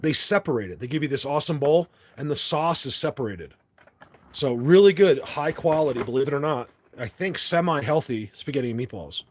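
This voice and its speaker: A man's voice: on the high side, animated, brisk. Rambling man chatting on a phone live stream. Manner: rambling, talks tough in jest. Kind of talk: casual live-stream chat.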